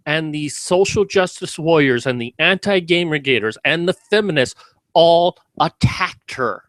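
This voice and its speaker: A man's voice: fairly high pitch, a bit bright, dry recording. A man giving sarcastic, mocking commentary in a video about a news story.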